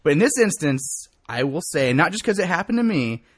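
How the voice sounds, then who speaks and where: Animated, profane young man telling a story. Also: fairly high pitch, a little fast, no echo. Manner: animated, profane, acts out quotes with sharp rises. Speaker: podcast co-host telling a story. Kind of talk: casual chat, storytelling.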